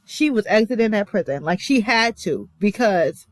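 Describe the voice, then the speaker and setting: A woman's voice: medium pitch, animated, normal speed, few pauses, no echo. A young American woman giving a chatty, emphatic reaction commentary with many fillers and asides. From United States. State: emotional. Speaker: vlogger reacting to a TV episode.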